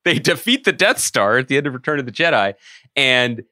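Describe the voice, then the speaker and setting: Bright-voiced man joking on a podcast. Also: medium pitch, fairly quick, no echo, clean studio sound. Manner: joking, animated riffs. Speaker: podcast co-host. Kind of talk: casual chat.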